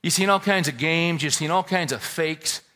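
A man preaching a sermon, lively and folksy, full of rhetorical questions and asides. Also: fairly high pitch, moderate pace. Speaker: pastor.

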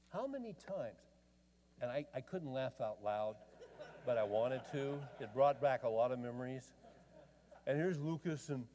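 This older pastor's voice is mid-range and warm as he tells family stories in a folksy, chatty sermon, frequently starting his phrases over. A little hiss or hum sits under the long echo of a big hall.

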